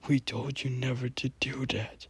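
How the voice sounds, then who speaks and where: A man's voice: mid-range voice, flat delivery, moderate pace, fairly bright tone, slightly rough, no echo, pitched above the performer's own voice. A man whispering the lines of a stern mother who scolds her son, in a whispered role-play. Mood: scolding whisper.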